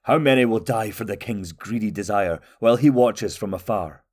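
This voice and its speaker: A man's voice: lowish voice, moderate pace, darkish tone, husky. A man voicing a contemptuous soldier in a storybook, speaking with scorn. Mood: scornful. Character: grim soldier, contemptuous of his king.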